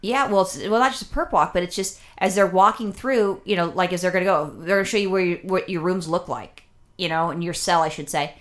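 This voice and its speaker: A woman's voice: on the low side, a little fast, fairly bright tone. Rambling, foul-mouthed woman chatting. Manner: crude, rambling storytelling with lots of swearing. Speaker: podcast co-host. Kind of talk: casual chat.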